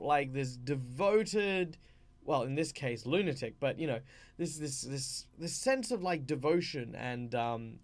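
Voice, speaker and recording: A man with an Australian accent hosting a channel, casually explaining tabletop role-play tips and often restarting his sentences. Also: medium pitch. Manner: rambling, with frequent fillers and restarts. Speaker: channel host.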